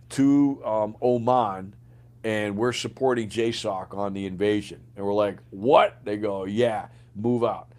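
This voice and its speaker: An older man, a retired soldier, telling stories in a casual interview, acting out the dialogue and swearing freely. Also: lowish voice. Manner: animated storyteller, acts out quoted dialogue, swears freely. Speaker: guest, retired Green Beret sergeant major.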